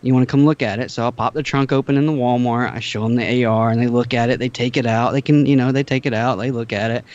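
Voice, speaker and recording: A young man from Georgia chats casually on a podcast, acting out both sides of each exchange in his stories. His voice sits at an ordinary pitch. The audio is dull and lo-fi, like a remote call. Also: quick pace. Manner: animated storytelling, acting out both sides of dialogue. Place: home, California.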